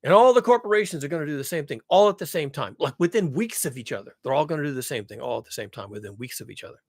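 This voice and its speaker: A man's voice: a little high, lively intonation, rapid-fire, a little mellow, no room sound, studio quality. Blunt, swearing man ranting. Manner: blunt, profane, emphatic, repeats his points. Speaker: vlogger. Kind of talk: ranting monologue to camera.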